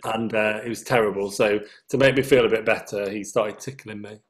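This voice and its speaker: A man's voice: lowish voice, steady tone, brisk. Northern english guy, singer being interviewed, chatty, laughs at his own stories. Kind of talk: casual anecdotal chat.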